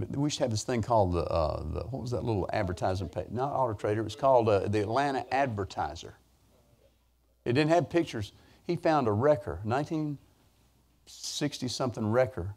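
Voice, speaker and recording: A man preaches through homespun stories. His voice climbs high and loud, then falls back to a low, quiet telling. The storytelling stays folksy and animated throughout. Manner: animated, folksy storytelling with sudden rises in pitch and volume. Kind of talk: sermon storytelling.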